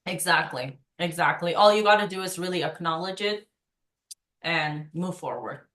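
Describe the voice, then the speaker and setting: A woman's voice: fairly low pitch, moderate pace, fairly bright tone, reverberant. A woman leading a sales training on a video call, coaching energetically and acting out past conversations.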